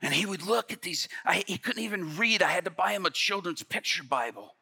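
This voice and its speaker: Bright, dramatic male preacher. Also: high-pitched, expressive, fairly quick, creaky, husky, dry recording. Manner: dramatic, swings from near whisper to loud. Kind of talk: sermon storytelling.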